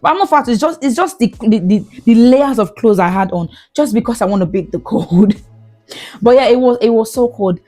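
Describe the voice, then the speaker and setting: A young Nigerian woman hosting a podcast, chatting casually with lively exclamations and frequent laughs. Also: fairly high pitch, fairly quick, faint music behind. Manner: animated, exclamatory, laughs often. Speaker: podcast host. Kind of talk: casual storytelling chat.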